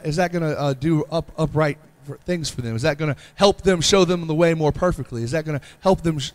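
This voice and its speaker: A middle-aged pastor with a rather high male voice preaches earnestly and repetitively, pleading with his congregation and frequently asking "Amen?".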